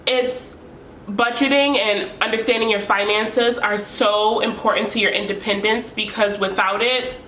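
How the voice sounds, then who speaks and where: A woman's voice: medium pitch, steady tone, moderate pace, bright, forceful tone, slight background noise. A young woman vlogger giving earnest, encouraging advice to camera, repeating key points for emphasis. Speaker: lifestyle vlogger. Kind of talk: casual advice talk to camera. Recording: echoey room with faint ambience.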